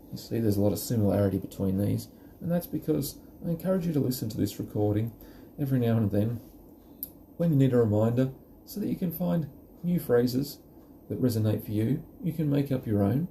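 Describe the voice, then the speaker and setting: A man giving calm, gentle parenting advice and modelling reassuring phrases aloud. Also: mid-range voice, brisk, creaky, a little hiss or hum. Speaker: parenting educator.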